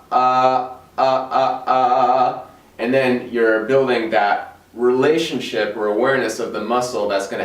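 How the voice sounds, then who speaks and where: Man vocal coach, lowish voice, roomy sound from off-mic, faint guitar behind. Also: far from the mic. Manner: relaxed, conversational explaining. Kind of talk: instructional video.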